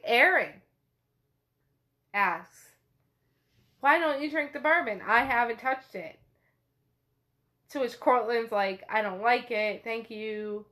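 A woman's voice: a little high, takes it slowly, long pauses, sharp tone. A woman casually retelling a novel chapter, chatty and full of fillers. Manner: chatty paraphrasing with frequent fillers. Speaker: book podcast host.

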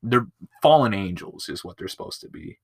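A man's voice: fairly low pitch, expressive, moderate pace, husky, no room sound. A man hosting a casual movie-review podcast, rambling and swearing a lot, with plenty of filler words. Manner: rambling and profane, with lots of filler. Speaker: podcast host.

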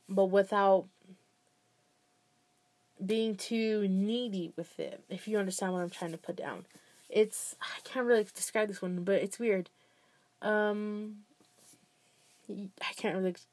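A woman's voice: medium pitch, a little mellow. A young woman giving casual, rambling relationship advice, full of fillers and "blah, blah, blah.".

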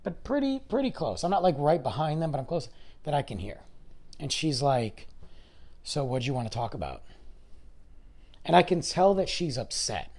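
A man's voice: on the high side, big pitch swings, moderate pace, darkish tone. An adult man, a podcast host, telling a story in a rambling, chatty monologue full of asides and fillers. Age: adult with a school-age son.

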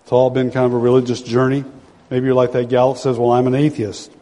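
A man in his sixties preaching a sermon as pastor, dramatic, swinging from loud pleading to hushed low tones. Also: flat delivery, fast. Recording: long hall reverb.

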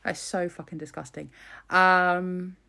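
A woman in casual commentary, talking bluntly and scornfully and swearing freely. Her voice sits a bit low and has a gravelly fry. She fills her pauses with "um". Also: flat delivery, bright, forceful tone.

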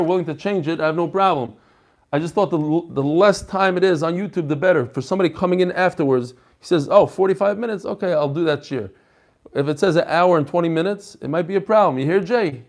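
Chatty higher-voiced male teacher. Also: fast talker. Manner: chatty, joking, reads messages aloud. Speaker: rabbi teaching a Talmud class. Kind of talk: casual lesson with reading of emails.

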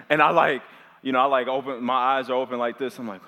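Bright-voiced young male pastor, echoing hall. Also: mid-range voice, quick pace. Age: 20s. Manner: chatty and loose, heavy on filler words. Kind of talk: storytelling sermon to a live audience. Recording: long hall reverb.

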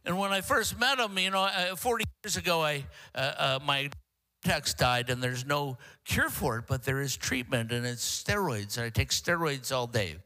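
An older man preaching a sermon as a guest preacher, mixing jokey self-deprecating asides with halting restarts. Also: medium pitch, pushed and bright.

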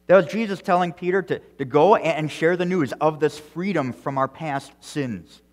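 A male pastor preaching an earnest sermon, repeating words as he goes and swinging between loud emphasis and quiet, soft phrases. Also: fairly high pitch, moderate pace, big-room sound. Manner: earnest preaching with frequent restarts and strong swings in loudness.

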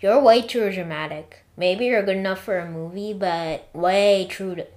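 A woman voicing a calm, matter-of-fact female robot computer who explains and lightly scolds. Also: medium pitch, moderate pace, lightly acted. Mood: scolding.

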